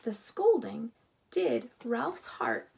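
A woman reading a children's book aloud as narrator, expressive and unhurried. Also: a little high, vocal fry, a little hiss or hum.

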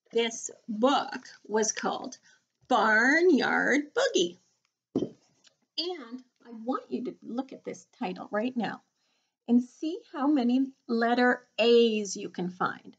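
High-voiced playful woman reading to kids. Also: lively intonation, slow, pauses often, breathy edge, dull audio. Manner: playful, sing-song animal rhymes. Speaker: teacher reading aloud. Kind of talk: read-aloud lesson for children.

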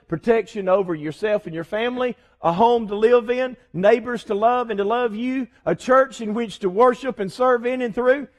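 A man preaching a sermon as pastor, swinging between loud fervor and soft asides. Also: high-pitched. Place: church sanctuary.

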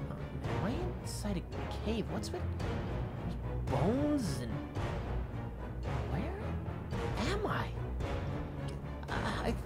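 A woman narrating a Minecraft adventure in first person as its host, excitable and stammering, often calling out to her viewers. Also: mid-range voice. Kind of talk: first-person game role-play narration. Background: background music.

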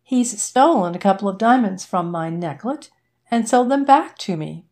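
A woman doing a fretful rich wife, high and loud. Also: a little slow. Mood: alarmed. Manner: fretful, exclaiming. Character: wealthy anxious middle-aged wife.

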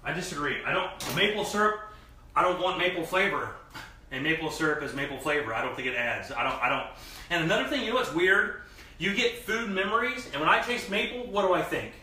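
Man, cooking show host, bright, slightly high voice, animated and emphatic, echoey kitchen with faint pan clatter. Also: fairly quick. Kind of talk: live cooking demo chat.

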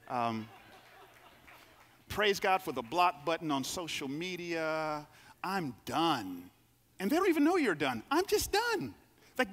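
Male pastor, lively storytelling sermon, high bright voice, reverberant sanctuary. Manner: lively storytelling preacher, acts out quoted voices. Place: church sanctuary. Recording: long reverb of a large hall.

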